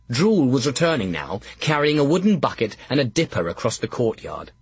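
Husky man narrating an audiobook. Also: medium pitch, big pitch swings, no echo. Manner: measured, first-person storytelling.

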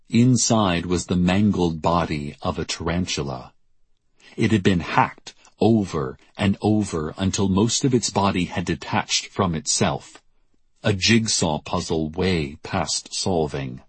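Low raspy guy reading a story out loud, deadpan, super dry sound. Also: dry recording. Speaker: narrator. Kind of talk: audiobook narration.

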